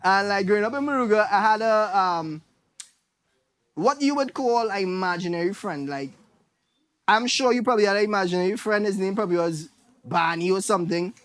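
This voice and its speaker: A man's voice: high-pitched, a little fast. Trinidadian man doing stand-up. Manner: animated storytelling with impressions of relatives. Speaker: stand-up comedian. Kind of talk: stand-up comedy set.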